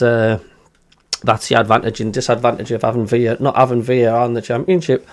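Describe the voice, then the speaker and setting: Man, sunderland accent, football show host, chatty, reads live messages, mid pitch. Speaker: podcast host reading listener messages. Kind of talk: casual football chat.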